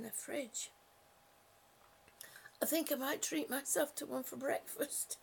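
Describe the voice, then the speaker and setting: A woman chats casually on a livestream from her home, reading out viewer comments and calling people honey. Her voice sits high, with a gravelly fry running through it. She talks through a phone or webcam mic. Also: moderate pace, pauses often, a little hiss or hum. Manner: chatty and affectionate, frequent fillers. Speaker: livestream host.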